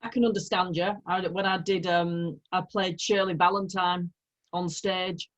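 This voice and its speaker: A woman chatting lively on a group video call. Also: on the low side, a little slow. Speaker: call participant.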